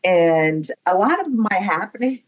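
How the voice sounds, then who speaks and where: Slow-talking woman telling stories. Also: medium pitch, sing-song, dull audio. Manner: rambling, chatty, laughs often. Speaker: guest medium. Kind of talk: storytelling in a podcast conversation.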